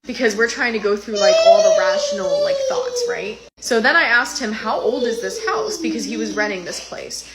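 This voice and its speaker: A woman's voice: a little high, normal speed, few pauses. Woman telling a spooky story, noisy recording. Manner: animated, retelling with quoted voices and fillers. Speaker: storyteller sharing a personal experience. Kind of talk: casual first-person storytelling.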